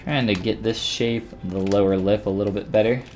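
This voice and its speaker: A man casually chatting with viewers while he demonstrates 3D sculpting in a live-stream tutorial, relaxed and rambling with frequent restarts. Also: on the low side, fairly quick, soft background music.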